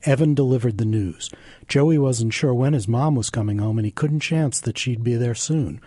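Writer reading his story, dark husky voice, dead dry sound, deadpan. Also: mid-range voice, normal speed, no room sound.

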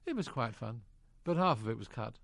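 A man's voice: mid-range voice, animated, a little fast, vocal fry, a bit bright, no echo, studio quality. An older British man, an actor, genially telling anecdotes in an interview and acting out quoted lines. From Britain. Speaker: actor guest.

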